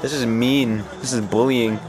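A young man giving excited live commentary while playing a football video game, cheering his players and laughing often. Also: medium pitch, measured pace, music in the background, crowd noise. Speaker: gaming YouTuber.

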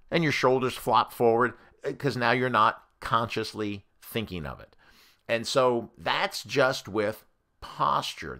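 A man, a therapist, giving a conversational educational talk that compares treatment methods. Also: medium pitch. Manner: animated, conversational explainer.

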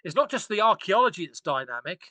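A man's voice: sits high, sing-song, quick pace, sharp tone, no room sound. A man, an archaeologist guest on a podcast, talking enthusiastically and rambling with frequent restarts. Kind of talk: casual podcast discussion.

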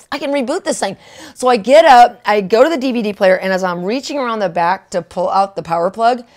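A woman preacher giving an animated testimony, often checking in with "right?" and "okay?" and acting out the voices in her story. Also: fairly high pitch. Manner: acts out her own quoted lines. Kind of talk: testimony sermon.

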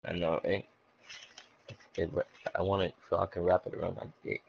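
A man's voice: sits low, little pitch movement, fairly quick, vocal fry, dull audio, slight background noise. A young man in a casual game chat on a headset, cracking crude jokes. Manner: crude joking banter. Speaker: gamer in party chat. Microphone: gaming headset.

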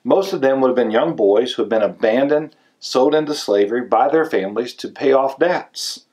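Male pastor, sermon, mid-pitched voice, casual storytelling delivery, rises for emphasis. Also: moderate pace, darkish tone. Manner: conversational preaching, rising emphasis on key words.

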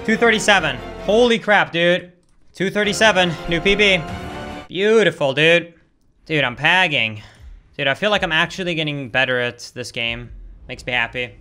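A high-pitched, bright young man talking over his own speedrun, excitable and quick to exclaim. His voice is sharp and forward, and faint game music plays underneath. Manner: excitable, exclaims often, says "dude" a lot. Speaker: speedrun streamer. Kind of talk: live gameplay commentary.

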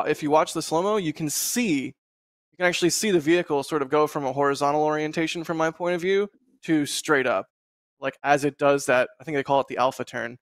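A man hosting a casual live stream, talking in a relaxed, rambling way with frequent laughs over a video call. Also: a little high, no echo, studio quality. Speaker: host.

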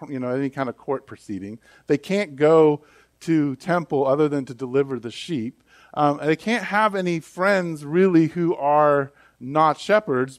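A man preaching a sermon as pastor, conversational and animated, acting out the voices of people in the story. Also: on the high side, dry recording, clean studio sound.

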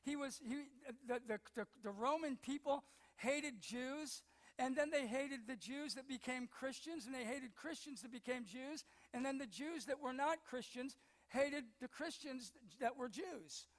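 Older male pastor, high-pitched, anecdotal sermon delivery with repeated words, long church reverb. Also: a little slow. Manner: storytelling, acts out quotes, repeats words. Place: church sanctuary.

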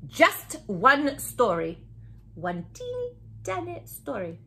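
A woman voicing a grumpy male author in a children's book read-aloud, muttering lines low and grudgingly. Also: wildly swooping pitch, slow pace, vocal fry, pushed and bright, heavily acted. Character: grumpy reluctant male author, busy adult man.

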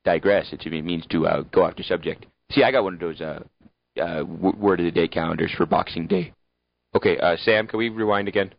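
A man with a Canadian accent giving deadpan comic narration with rambling asides. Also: low-pitched, a little fast, vocal fry. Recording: dull lo-fi recording.

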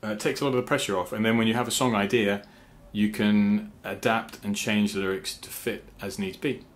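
A man talking casually to his viewers about songwriting, halting with fillers and restarts, and now and then humming rhythm syllables. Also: on the low side, fairly even intonation. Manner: sings rhythm syllables to explain meter. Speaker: songwriter and channel host. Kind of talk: casual talk to camera.

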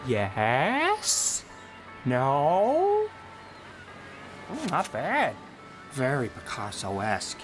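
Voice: mid-range voice, huge pitch swings, faint music behind, exaggerated voice. A voice actor playing a scheming, wisecracking male seagull who mooches food in a video game. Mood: chummy. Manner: fast-talking, sly, theatrical. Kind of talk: video game character dialogue.

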